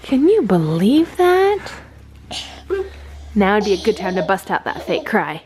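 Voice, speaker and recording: A woman's voice: medium pitch, big pitch swings, a little slow, a crowd in the background. A woman in her thirties filming her family at home, chatting playfully, laughing often and cooing at her baby. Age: 30s. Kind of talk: casual home video chat.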